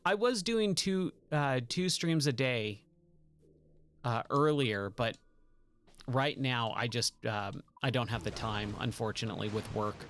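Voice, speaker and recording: Excited male game streamer. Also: mid-range voice, unhurried. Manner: enthusiastic, chatty, laughs often. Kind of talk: casual gameplay commentary.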